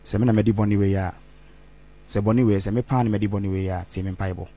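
Gravelly man, low voice. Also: steady tone, fast, dark tone. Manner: rambling, mixes Twi into English. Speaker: interview guest. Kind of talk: candid interview talk.

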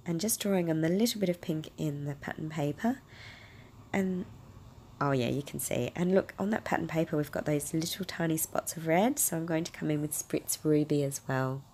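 Low, raspy woman with a cold. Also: moderate pace, darkish tone, a little hiss or hum. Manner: chatty, gushing over colours. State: hoarse from a cold. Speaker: craft video host. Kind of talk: casual crafting tutorial voice-over.

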